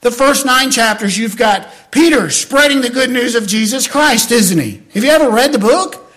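An older man preaching a sermon as pastor, swinging between shouted lines and soft, hushed storytelling. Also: very high-pitched, normal speed.

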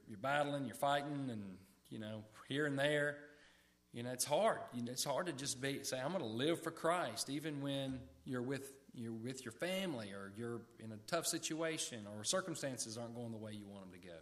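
A man delivering a sermon at an average pitch. He speaks conversationally, restarts his phrases and puts questions to the congregation. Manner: conversational preaching, repeats words, asks the audience questions. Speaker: preacher.

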